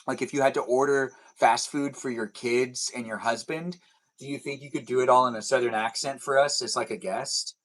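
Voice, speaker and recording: A young man hosts a casual livestream from home, rambling as he reads and answers chat comments aloud while a TV plays behind him. His voice is mid-range with fairly even intonation and a moderate pace.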